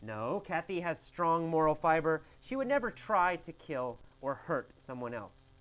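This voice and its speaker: A man's voice: a little high, big pitch swings, measured pace, fairly bright tone, lo-fi sound. A man teaching English with a question-and-answer story, speaking in an emphatic, exaggerated way.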